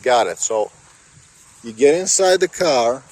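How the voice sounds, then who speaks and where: Wind blasts into the microphone as a man vlogs outside next to a car. His mid-range, slightly mellow voice has lively intonation and a measured pace while he rambles casually, swears often and leans on fillers such as "like" and "bro." The recording is rough.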